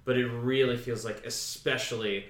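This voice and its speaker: A man co-hosting a podcast, recapping scenes in a relaxed way with plenty of ums. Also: medium pitch, moderate pace, reverberant. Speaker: podcast co-host. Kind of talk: casual chat.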